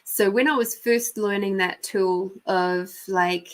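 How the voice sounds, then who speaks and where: An Australian woman talks at an unhurried, easy pace while hosting a live intuitive reading. Her delivery is chatty and loose, breaking into laughter often and tossing in a casual curse. She sits at an average pitch for a woman. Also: fairly even intonation. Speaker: host and intuitive reader. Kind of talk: live psychic reading and storytelling.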